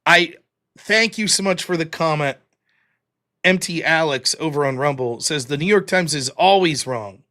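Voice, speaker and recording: A man's voice: a little high, normal speed, bright, forceful tone. An American man hosting a live stream, reading viewer donations aloud in a mock-wounded, self-deprecating way. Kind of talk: casual live-stream chat.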